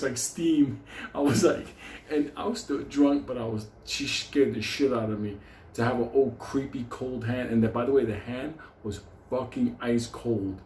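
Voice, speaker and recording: Foul-mouthed New raconteur, mid-pitched, rambling and laughing, roomy echo with faint ambience. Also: male voice, a little mellow, slight background noise. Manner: profane, rambling, laughs through the telling. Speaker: storyteller. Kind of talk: comic storytelling.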